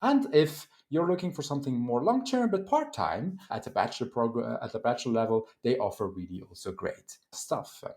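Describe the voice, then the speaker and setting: French-accented male moderator, lively intonation, casual introductions with frequent "uh"s. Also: mid-range voice, normal speed, hardly any pauses. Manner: lively, animated delivery with frequent fillers. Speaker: host and moderator. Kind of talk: online panel introductions.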